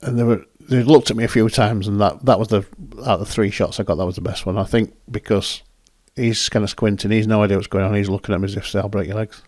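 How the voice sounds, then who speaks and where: A man's voice: fairly low pitch, fairly even intonation, quick pace, few pauses, a little mellow, dry recording, studio quality. A man hosting, chatting casually and rambling as he talks through his photos. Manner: rambling, self-correcting, chatty. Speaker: photographer and host. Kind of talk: casual commentary over photos.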